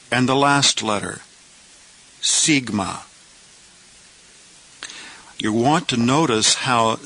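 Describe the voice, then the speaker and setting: A man teaching letters at a very unhurried pace, leaving pauses between each question and its answer. His tone is bright and forward, and he walks through each point step by step. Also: medium pitch, rough recording. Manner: asks questions, then answers them himself. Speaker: Greek teacher. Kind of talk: slow step-by-step language lesson.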